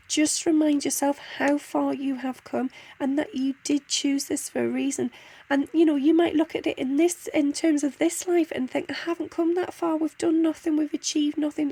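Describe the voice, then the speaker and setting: A woman giving a soft, heartfelt spiritual card reading, pausing often and restarting her sentences. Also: high voice, gravelly. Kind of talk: channelled guidance reading.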